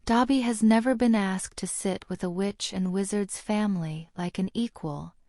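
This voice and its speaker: A woman's voice: medium pitch, normal speed, mellow, dry recording, clean studio sound, close to an everyday voice. A woman voicing a timid, servile male house elf who speaks of himself in the third person, read as an audiobook character. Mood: anxious pleading.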